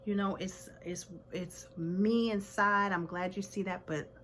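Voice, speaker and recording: A woman's voice: medium pitch, steady tone, unhurried, fairly bright tone, a little hiss or hum. A woman in her forties giving a personal motivational talk to camera, earnest and reflective. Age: 40s. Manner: earnest, reflective, many fillers. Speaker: vlogger.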